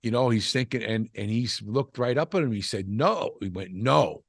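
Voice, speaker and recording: A man's voice: on the low side, fairly quick, no echo, studio quality. An older man, a former wrestler, telling stories in a casual interview, rambling with frequent restarts and "you know" asides. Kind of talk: casual storytelling chat.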